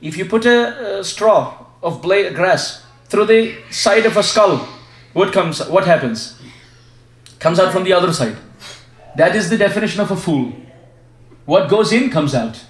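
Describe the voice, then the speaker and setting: Male spiritual teacher, high voice, call-and-response sermon style, echoey home recording. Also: lively intonation, measured pace. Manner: asks the audience questions and leads them in repeating chants. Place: devotee's home, gathering room. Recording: echoey room sound.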